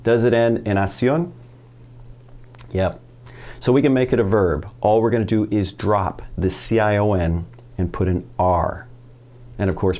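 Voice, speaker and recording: A man's voice: lowish voice, a little mellow. A man teaching a casual Spanish video lesson, asking the viewer questions and answering them himself in an upbeat way.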